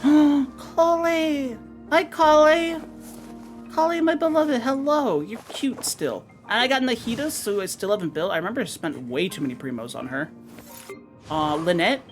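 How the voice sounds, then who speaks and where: A woman streaming a game, chatting casually with her viewers in an excitable, talkative way and swearing now and then. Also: lowish voice.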